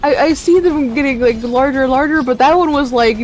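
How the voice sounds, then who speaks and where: A streamer chatting casually with friends during a co-op game, playful and teasing and quick to laugh. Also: high voice, slight background noise. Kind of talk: casual gaming chat.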